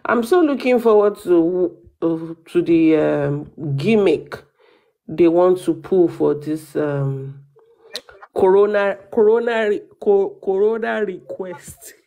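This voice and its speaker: A woman talking slowly and hesitantly, with a sarcastic edge. She pauses often and fills the gaps. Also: lowish voice, dark tone. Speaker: co-host. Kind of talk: casual chat.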